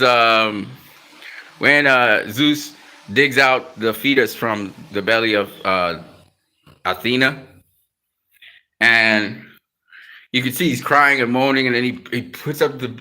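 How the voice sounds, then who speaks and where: Hosting a casual live-stream chat on his YouTube channel, a man talks in a mid-range voice that sounds pushed and bright. He uses laid-back slang, laughs often, and lets sentences trail off.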